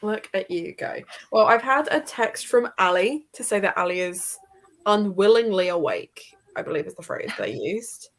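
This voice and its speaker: A woman's voice: mid-range voice, big pitch swings, normal speed. A British woman hosting a livestream, chatting casually and reading viewers' comments aloud with frequent laughter. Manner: chatty, laughs often between thoughts. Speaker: livestream host.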